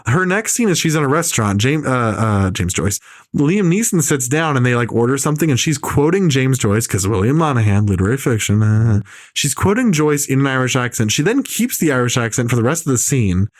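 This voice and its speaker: A man's voice: mid-range voice, big pitch swings, brisk, dry recording, clean studio sound. A man ranting emphatically about a film on a casual podcast, piling up repeated harsh verdicts. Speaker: podcast co-host.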